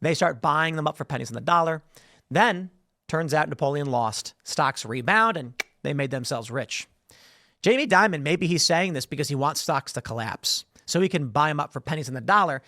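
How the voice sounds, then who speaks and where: Male political show host, slightly high voice, dry close sound, rambling delivery with repeats. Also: animated, moderate pace, sharp tone, no echo. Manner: rambling, repeats words, reads headlines aloud. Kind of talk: solo news commentary.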